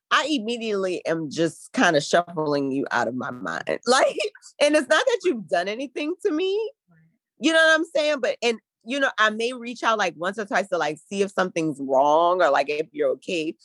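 A woman's voice: mid-range voice, big pitch swings, normal speed, a bit bright, dry recording. A young adult woman speaking frankly and loosely in a casual chat as co-host. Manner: frank, laid-back, lots of "like" fillers. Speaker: podcast co-host.

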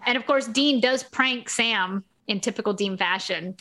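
A woman's voice: on the high side, normal speed, sharp tone. A woman co-hosting a podcast, chatting casually as she recaps a TV episode and acts out lines with a laugh. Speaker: podcast co-host.

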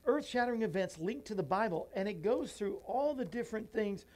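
Man, talk show host, reading a children's book aloud, earnest, folksy asides, emotional, softening voice. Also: high voice, lively intonation, brisk. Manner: emotional, voice drops soft and near tears.

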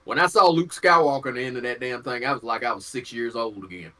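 A man's voice: medium pitch, fast talker, sharp tone. A man co-hosting a podcast in casual chat, talking bluntly and heatedly with plenty of swearing. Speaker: podcast co-host.

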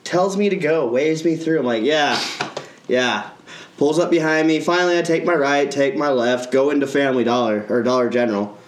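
A man's voice: fairly high pitch, moderate pace, roomy sound, a little hiss or hum. A man hosting a casual podcast, telling a story in a profane, ranting way. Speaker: podcast co-host.

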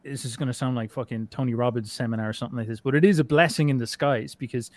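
Casting: quick-talking man, podcast guest, loose, rambling, swears a lot. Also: mid-range voice, darkish tone, no room sound. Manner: rambling, swears often, many restarts and fillers. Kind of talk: casual conversation.

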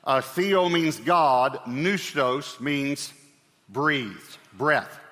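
A man's voice: mid-range voice, drawn-out words, fairly bright tone. A man preaching a sermon as pastor, speaking in a conversational way with fillers and light humor. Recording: long hall reverb.

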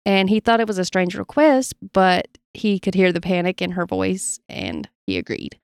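Woman calmly reading spooky stories. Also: lowish voice, moderate pace, creaky, clean tone, no room sound, studio quality. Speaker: podcast co-host telling stories. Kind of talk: casual storytelling podcast.

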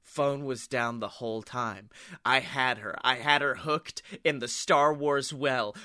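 Young male comedy podcast co-host. High, dry, close sound; lively, profane storyteller. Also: no echo. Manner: animated storyteller, swears freely, acts out quotes. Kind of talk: casual comedic chat.

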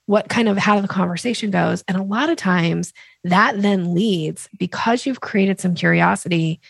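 A middle-aged woman, a sales expert guest, explaining with vivid examples and lively acted-out voices. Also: medium pitch, gravelly, no echo. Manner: lively, acts out quoted voices.

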